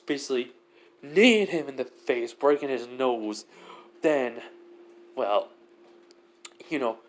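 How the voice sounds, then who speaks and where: Young man rambling through a fan story. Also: fairly high pitch. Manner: rambling, heavy with fillers. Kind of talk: improvised story narration.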